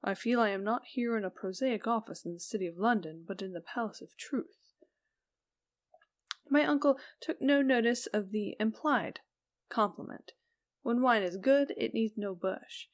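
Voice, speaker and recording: A woman reading a Victorian ghost story aloud as an audiobook narrator, slow and even, dropping softly on the speech tags. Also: fairly high pitch.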